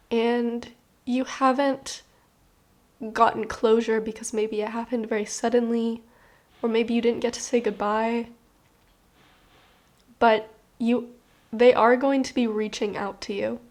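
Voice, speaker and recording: A woman with a slightly high voice giving a casual tarot reading to her camera. She talks in an earnest, rambling way, full of "like" fillers. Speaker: tarot reader.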